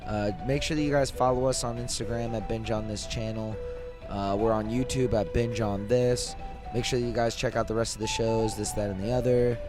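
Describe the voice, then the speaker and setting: A man's voice: mid-range voice, fairly even intonation, a little fast, music in the background. A man filling in as podcast host and producer, talking casually and sleepily, rambling with many fillers and restarts. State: tired, yawning late at night. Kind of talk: casual solo podcast talk.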